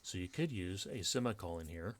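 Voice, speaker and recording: A man's voice: low voice, lively intonation, brisk. A man giving a step-by-step lecture on punctuation from slides, with frequent fillers and restarts. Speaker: writing teacher. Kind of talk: slide-based grammar lecture.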